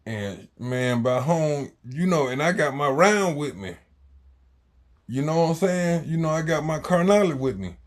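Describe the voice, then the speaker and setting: Animated man telling stories. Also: on the high side, normal speed. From Jacksonville, Florida, US. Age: 40s. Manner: slangy, animated, swings between loud and quiet. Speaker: storyteller. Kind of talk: casual storytelling.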